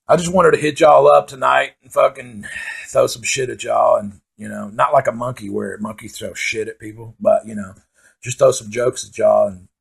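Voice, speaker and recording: On his own comedy show, a male comedian tells meandering, profane stories in a laid-back stand-up style full of filler words. His voice is lowish, gravelly, and slightly rough.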